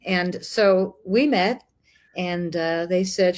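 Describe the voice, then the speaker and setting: A woman's voice: on the low side, slow. A middle-aged woman from the United States telling a personal story in casual conversation, acting out the voices of people she met. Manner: lively, animated, acts out dialogue. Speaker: guest.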